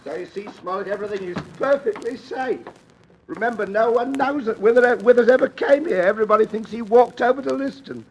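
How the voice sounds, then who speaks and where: A man playing a cold, scheming father in a radio drama, smooth and menacingly polite. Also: high voice, fairly quick, slight background noise. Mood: falsely genial. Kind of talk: 1940s radio acting.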